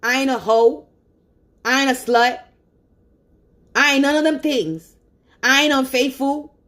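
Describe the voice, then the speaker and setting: A woman's voice: high voice, unhurried, fairly bright tone. A woman on a phone livestream, venting angrily in a profane, repetitive rant. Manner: angry, profane and repetitive ranting.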